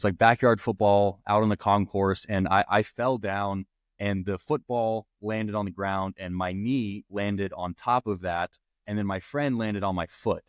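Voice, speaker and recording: A young man hosts a podcast, earnestly sharing personal stories in a rambling manner with frequent restarts. His voice is lowish, and the studio sound is clean with no echo.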